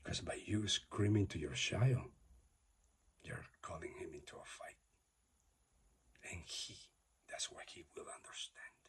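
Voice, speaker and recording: A man giving an emphatic, preachy motivational monologue that swings between loud declarations and whispers, repeating his exhortations. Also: low voice, measured pace, creaky, long pauses, slightly rough. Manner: repetitive, exhorting. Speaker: motivational speaker.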